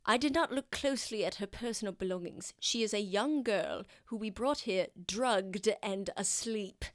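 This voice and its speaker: A dutiful army major answers his superior formally and deferentially, as a woman voices him in a tabletop game. The voice stays near her own middle pitch, guarded and conflicted. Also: moderate pace, fairly bright tone, no echo, clean studio sound, lightly acted.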